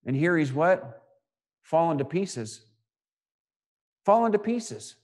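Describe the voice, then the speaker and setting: A male preacher giving a sermon, reading scripture aloud and expounding it with rhetorical questions and repeated phrases, swinging between loud and hushed delivery. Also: on the high side, expressive, slow pace.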